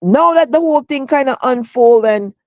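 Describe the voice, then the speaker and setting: A young woman, chatting casually and telling a story with lively acted-out quotes. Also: sits high, moderate pace, dry recording. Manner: animated storytelling, acts out quotes. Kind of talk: casual chat.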